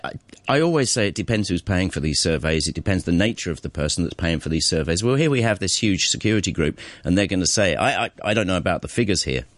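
A man with a very low, deep voice hosts a casual radio chat from the studio. He talks loosely and doubts the figures he hears. The sound is dry and close to the mic. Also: expressive, fast talker, dry recording. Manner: chatty, skeptical, interrupts. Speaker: radio show host. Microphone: studio microphone.

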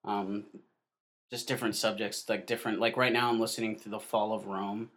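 A man co-hosting a podcast in casual chat, easygoing with deadpan banter. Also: fairly low pitch, fairly quick. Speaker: podcast co-host.

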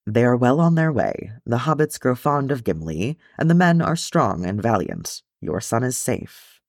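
A man reading the part of a ghostly male dwarf king who is gruff but tender, speaking softly. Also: mid-range voice, sing-song, normal speed, dry recording, clean studio sound. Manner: soft, tender.

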